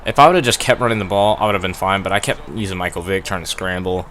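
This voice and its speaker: A man's voice: low voice, quick pace, fairly bright tone, slight background noise. A young man giving casual, rambling commentary over a football video game through a gaming headset, laughing at himself and getting worked up over plays. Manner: rambling, self-deprecating, laughs often, gets worked up. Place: at home playing on a TV.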